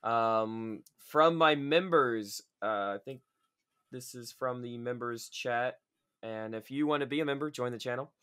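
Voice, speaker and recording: A man hosting a casual podcast, talking in an animated, chatty way. His voice has a bright, forward edge at an everyday mid pitch. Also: clean tone. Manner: animated, chatty, quick to laugh. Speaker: podcast host.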